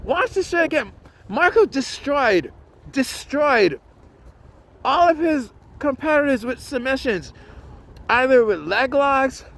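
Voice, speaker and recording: A man's voice: very high voice, a bit bright. A man giving a casual, rambling recap of a tournament, full of slang, swearing, ums and restarted sentences. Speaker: vlogger reviewing a jiu-jitsu tournament.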